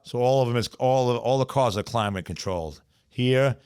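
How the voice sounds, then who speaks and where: A middle-aged podcast guest from the South Bronx, New York, speaks fairly quickly in a mid-range voice that is darkish, clear and resonant. Streetwise and profane, he tells stories in a New York accent during the casual chat, repeating "you know what I'm saying."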